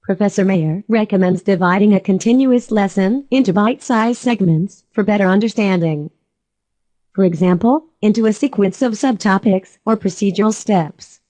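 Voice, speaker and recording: A synthetic female voice giving a calm, explanatory scripted lesson narration. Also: mid-range voice, normal speed, no room sound.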